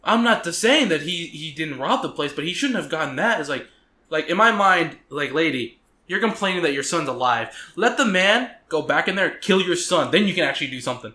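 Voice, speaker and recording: A man's voice: fairly high pitch, animated, pushed and bright. Profane rambling man in an echoey room. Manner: profane, rambling storyteller who acts out scenes in quick voices. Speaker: podcast co-host. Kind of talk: casual podcast chat.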